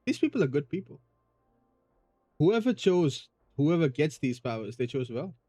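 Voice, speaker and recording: A man's voice: on the high side, very animated, moderate pace, mellow, dry recording, faint music behind. A man hosting a game playthrough, thinking aloud in earnest, casual commentary with restarts. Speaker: let's-play host.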